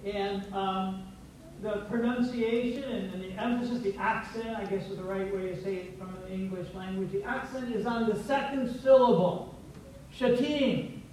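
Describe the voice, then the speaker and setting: In a church sanctuary, a high-pitched male pastor gives a playful, teacherly sermon, coaxing the congregation to repeat words back. His delivery is fairly even, moderately paced and darkish in tone. He's far from the mic, with heavy echo and a faint hiss.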